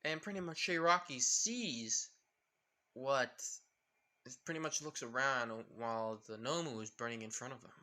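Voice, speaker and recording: A man's voice: medium pitch, normal speed, pushed and bright. A young man casually improvising a fan story, rambling with many fillers. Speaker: fan fiction narrator.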